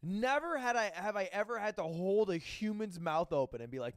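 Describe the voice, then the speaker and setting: Animated joking man reacting to clips. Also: high-pitched, a little fast, few pauses, clean tone, dry recording, clean studio sound. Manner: joking, expressive, swears freely. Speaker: reaction video creator. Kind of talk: casual reaction commentary.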